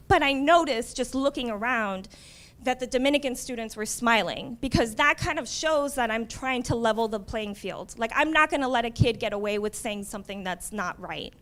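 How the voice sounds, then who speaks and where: A woman's voice: fairly high pitch, expressive, moderate pace, bright, forceful tone. A woman librarian giving a conference presentation in a conversational way, often adding "um" and "right?". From United States. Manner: conversational, frequent "um" and "right?" tags.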